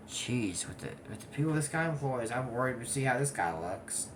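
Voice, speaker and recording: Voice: medium pitch, expressive, a little fast, hardly any pauses, a little hiss or hum. A speaker in their twenties giving a casual, rambling recap of a cartoon episode, full of digressive asides. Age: 20s. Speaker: anime episode reviewer.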